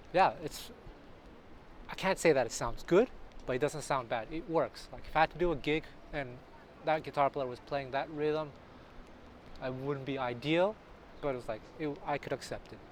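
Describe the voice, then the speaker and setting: A man, a jazz guitar teacher, talking casually to camera in a vlog, chatty and self-correcting with animated asides, recorded outdoors on a city street. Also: medium pitch, unhurried, long pauses, a little hiss or hum.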